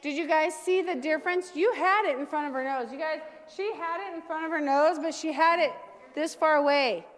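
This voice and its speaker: A woman dog trainer leading a hands-on class, giving brisk, direct commands to owners and their dogs. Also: high voice. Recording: long reverb from a large room.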